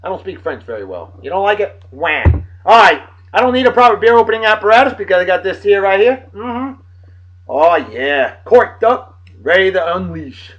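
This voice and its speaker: A man's voice: high voice, big pitch swings, normal speed, fairly bright tone. A man hosting a casual beer-tasting vlog, boisterous and jokey, rambling between topics. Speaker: vlog host. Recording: dull lo-fi home recording with faint music.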